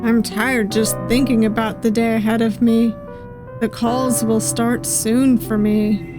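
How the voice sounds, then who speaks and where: Slow, musing woman streamer. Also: a little high, flat delivery. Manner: musing, reads lines slowly with soft asides. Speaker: VTuber game streamer. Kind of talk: reading game dialogue aloud with commentary. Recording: game music playing behind voice.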